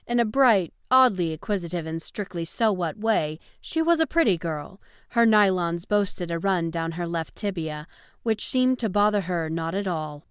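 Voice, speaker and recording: A woman narrating a novel in a measured, even storytelling manner. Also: on the low side, clear, resonant tone, dry recording, studio quality. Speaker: audiobook narrator. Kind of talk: scripted narration.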